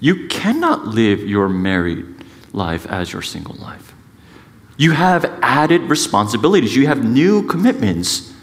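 A middle-aged man preaching a sermon as a pastor, conversational and self-mocking, with lively emphasis and frequent asides. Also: medium pitch, unhurried, long reverb tail. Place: church sanctuary.

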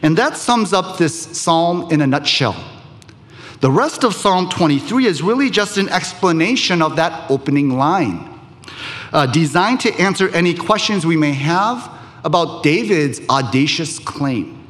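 Slow, lively-voiced man preaching. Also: on the high side, in a large hall. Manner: measured preaching with emphatic pauses. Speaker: pastor. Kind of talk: sermon.

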